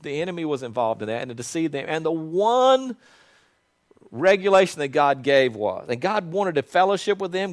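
A male pastor with a slightly high voice preaches a sermon, earnest and conversational at first before swelling into loud proclamation.

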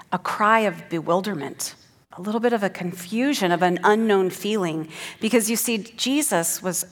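Woman, sermon, earnest teaching tone, slightly low voice, reads scripture with emphasis. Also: a bit bright, long reverb tail. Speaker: preacher.

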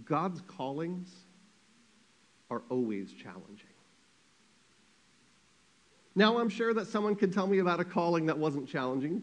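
A man preaching a sermon as a pastor, telling a story in a lively, conversational way with quick asides. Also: fairly high pitch.

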